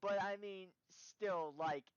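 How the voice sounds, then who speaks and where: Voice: mid-range voice, slow, smooth, no echo, lo-fi sound. A story time YouTuber telling a school story in a casual, rambling way full of "you know".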